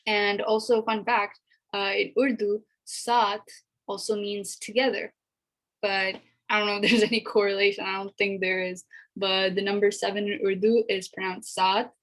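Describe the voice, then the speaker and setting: A woman's voice: medium pitch, little pitch movement, a bit bright, rough recording. Chatty woman teaching pronunciation. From America. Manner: chatty, repeats sounds slowly for learners. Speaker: language teacher. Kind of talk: casual spoken lesson.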